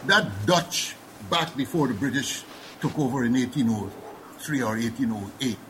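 A man's voice: mid-range voice, normal speed, fairly bright tone, slight background noise, rough recording. A man with a Guyanese accent, a panelist speaking thoughtfully with many fillers and restarts. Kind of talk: panel discussion.

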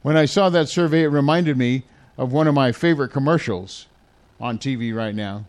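A man's voice: mid-range voice, moderate pace. Chatty male morning radio host. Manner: chatty, chuckling, with filler uhs. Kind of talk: casual radio banter.

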